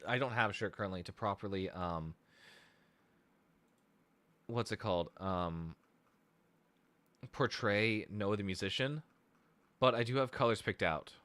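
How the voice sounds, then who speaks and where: Tired from lack of sleep, a streamer and musician rambles casually on a live stream, thinking aloud and poking fun at himself. His voice sits fairly low but has a fairly bright tone, with no echo.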